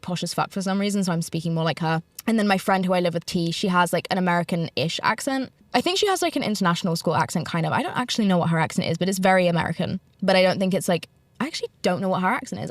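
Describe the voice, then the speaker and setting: A young British woman chats loosely on her own podcast, her talk full of fillers and little self-mocking asides. Her voice sits a bit low for a woman. The sound is close and dry, recorded inside a car. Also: lively intonation, rapid-fire, dry recording. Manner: rambling, filler-heavy, self-deprecating. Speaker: podcast host. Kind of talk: casual solo podcast chat.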